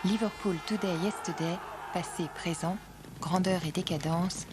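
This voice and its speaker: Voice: medium pitch, steady tone, moderate pace. Documentary narrator, noisy track. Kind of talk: scripted narration.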